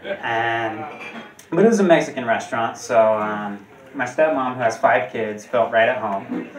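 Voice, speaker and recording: A man doing a stand-up comedy routine, jumping higher and louder on punchlines. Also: unhurried. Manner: jumps high and loud on punchlines. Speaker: stand-up comic. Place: comedy club stage. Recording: roomy and distant. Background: audience laughter.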